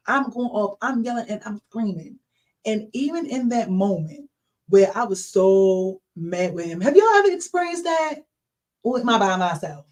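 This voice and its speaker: A woman's voice: a little high, normal speed. Emotional woman telling a faith story. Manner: emotional, animated storytelling addressing listeners directly. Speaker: podcast host. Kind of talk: casual faith testimony talk.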